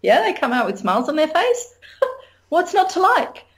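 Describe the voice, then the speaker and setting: Middle-aged aussie woman chatting frankly in an interview, fairly high voice, laughs a lot. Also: normal speed. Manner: frank, animated, laughs often. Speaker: interview guest, sex educator. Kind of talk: candid conversational interview.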